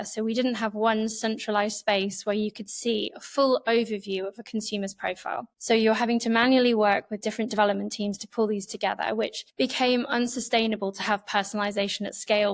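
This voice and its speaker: A woman speaks as an interview guest, laying out her points in long, orderly lists. Her delivery stays level, with little rise or fall in pitch. The tone is calm and conversational. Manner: measured, explains in long flowing lists.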